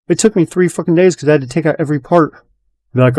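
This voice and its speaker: A man's voice: on the high side, rapid-fire, a little mellow. A man in casual podcast chat, telling a long story in a rambling way, swearing constantly and acting out what people said. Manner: retells his own and others' words as quoted dialogue. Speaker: podcast host.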